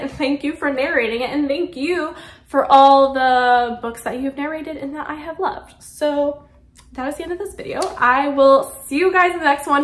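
A woman with a high voice does a monthly book wrap-up at home during a power cut as daylight fades, the sound roomy. Chatting casually as a book reviewer, she gushes and says "like" constantly.

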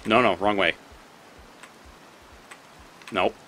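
A man's voice: lowish voice, drawn-out words, bright, forceful tone, slight background noise. A man giving casual gameplay commentary as a let's play host; he swears often and talks back at the creatures on screen.

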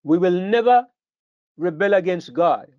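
A man's voice: high voice, animated, measured pace, dry recording, highs cut off. An older man teaches a Bible class in an earnest way, often repeating words as he thinks.

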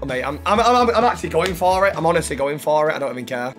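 A young man gaming on camera, boastful and loud, shouting and whooping as he trash-talks his opponent. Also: a little high, animated, fast talker, faint music behind. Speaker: gaming YouTuber. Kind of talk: excitable gaming banter.

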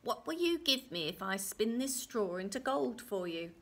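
A woman putting on a croaky little humpbacked man. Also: a little high, sing-song, normal speed. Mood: gruff. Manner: curt and snapping.

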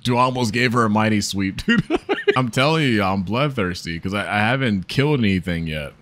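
A man's voice: fairly low pitch, animated, a little fast, a bit bright. A man giving casual, profane commentary as he plays a game, joking and laughing and talking straight to his viewers. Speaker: gaming video creator.

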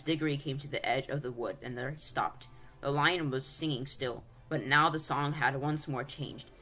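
Steady storybook reader over faint music. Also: mid-range voice. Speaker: audiobook reader. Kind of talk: storybook read-aloud narration.

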